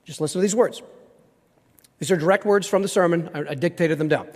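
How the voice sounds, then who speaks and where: A man preaching a sermon as a pastor, emphatic and conversational, slowing down to read scripture aloud. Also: a little high, darkish tone. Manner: emphatic, conversational, slows down when reading scripture. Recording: reverberant hall.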